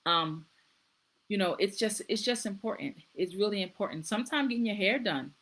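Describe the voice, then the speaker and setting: A woman's voice: mid-range voice, lively intonation, a little fast, poor audio. Middle-aged woman host, earnest, casual, circles back on her words. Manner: warm, earnest, repeats herself. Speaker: nurse practitioner. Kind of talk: casual live-stream talk.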